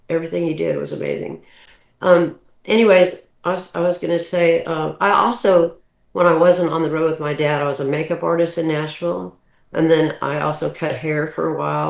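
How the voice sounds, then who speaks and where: A woman's voice: low voice, creaky. A woman in her sixties, a podcast guest, telling family stories in a casual, rambling way with many restarts. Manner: animated, rambling anecdotes with restarts. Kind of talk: casual storytelling. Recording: roomy echo.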